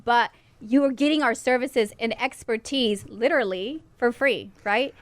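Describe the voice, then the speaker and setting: Realtor, female, slightly high voice, quick lively anecdotes on a radio show. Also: dry recording. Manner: lively, laughing, quotes herself. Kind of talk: casual radio talk.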